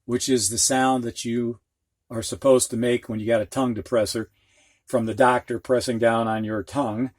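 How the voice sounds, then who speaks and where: In a dry recording, a Midwestern man explains dictionary pronunciation symbols in a slow, plainspoken reading lesson, stretching out sounds as examples. He speaks at normal speed in a mid-range, level-toned voice.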